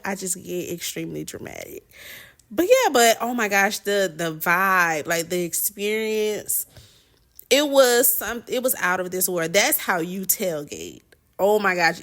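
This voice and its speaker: A woman's voice: lowish voice, a bit bright. A woman hosting a podcast, telling a story in a chatty, dramatic way with slang, fillers and restarts. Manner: slangy, informal phrasing. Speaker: podcast host. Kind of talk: casual storytelling monologue.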